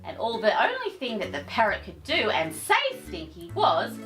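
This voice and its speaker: A woman's voice: a little high, huge pitch swings, moderate pace, over loud music. A woman reading a children's picture book aloud as host, theatrical, with affectionate asides to her listeners.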